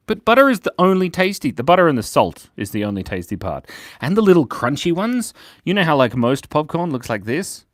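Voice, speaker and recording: A man's voice: mid-range voice, big pitch swings, a little fast, no echo, studio quality. A man hosting a live drawing stream, chatting casually with viewers in a playful, goofy way, breaking into silly voices and noises.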